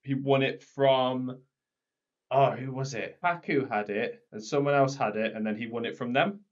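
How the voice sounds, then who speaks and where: A man co-hosts a podcast in relaxed, casual chat, steering things along and filling his friend in. His voice sits at a middling pitch. The recording is dull and a little lo-fi. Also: normal speed. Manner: leads the talk and walks his co-host through the event. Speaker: podcast co-host.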